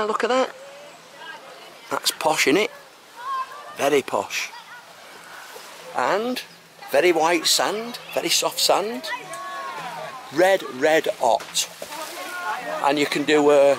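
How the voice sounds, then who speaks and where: A man's voice: high voice, fairly bright tone. An Englishman with an English accent chatting enthusiastically while filming a handheld travel vlog outdoors. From England. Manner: chatty, enthusiastic, keeps saying fantastic. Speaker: travel vlogger. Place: outdoors on a tropical island, beaches and roadside. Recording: noisy outdoor camera audio.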